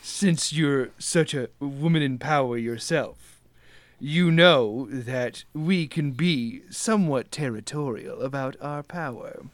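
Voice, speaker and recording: A man's voice: medium pitch, slow pace, no room sound, close to an everyday voice. A man voicing an older woman who runs a records room, sweetly polite on the surface but shrewd and probing. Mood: sly. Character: older woman records clerk, sly and guarded.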